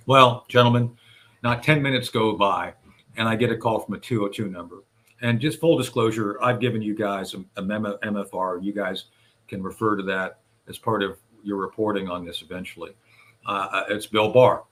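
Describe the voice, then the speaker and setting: A man's voice: on the low side, moderate pace, a bit bright. A man guest on a radio talk show, recounting events step by step and addressing the hosts directly. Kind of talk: conversational storytelling.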